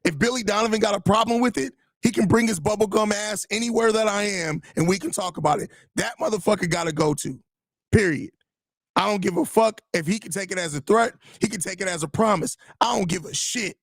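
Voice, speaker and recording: A man hosts a sports podcast and rants with frustration and plenty of swearing, circling back to the same phrases. His voice sits fairly high and has a gravelly rasp. The recording is close and dry, with no room sound. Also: fairly quick, dry recording. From Chicago area. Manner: frustrated, profane ranting with repeated phrases. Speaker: podcast host. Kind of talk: live podcast reacting to chat.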